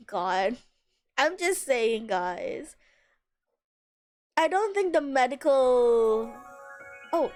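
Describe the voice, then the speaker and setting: A young woman streaming a video game live, chatting casually. She is excitable, greets viewers, and swears now and then. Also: very high voice. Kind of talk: casual livestream commentary.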